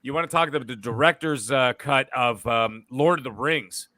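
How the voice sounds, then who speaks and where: A man's voice: mid-range voice, moderate pace, pushed and bright, no echo. A man co-hosting a gaming podcast, ranting and swearing through the banter. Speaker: podcast co-host. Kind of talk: casual gaming podcast chat.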